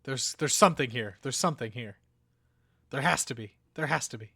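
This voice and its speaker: A man's voice: medium pitch, a little fast, creaky, sharp tone, husky, no echo, studio quality. A young man hosting a let's play, reacting with dramatic, exaggerated outrage and sorrow in casual gameplay commentary.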